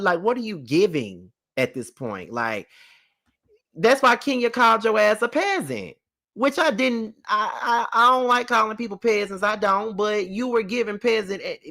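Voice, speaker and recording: A man hosting a casual live recap of a reality show, animated and profane, talking back at the people on screen. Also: sits high.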